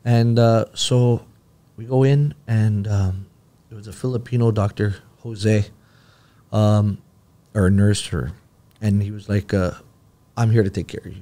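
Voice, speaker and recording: Guy, low mellow voice, chatty podcast guest telling a story, does the voices of people in it. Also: a little slow, long pauses. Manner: animated storyteller acting out quoted dialogue. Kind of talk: casual storytelling.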